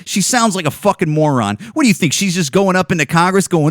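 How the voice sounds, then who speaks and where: A Chicago-area man in his forties hosts a podcast, ranting angrily with heavy swearing and repetition. His high voice is expressive and fast, captured in studio quality with no room sound.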